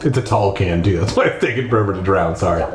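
A man's voice: low voice, quick pace, noisy background. A man reading a horror storybook aloud from his bathtub, with crude rambling asides. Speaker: storybook reader. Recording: echoey bathroom.

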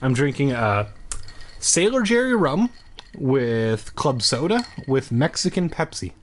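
A man's voice: medium pitch, sing-song, unhurried, slight background noise. A young man hosting a comedy podcast, reading a story aloud and breaking off into joking, rambling asides. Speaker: podcast host. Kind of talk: casual comedic reading and commentary.

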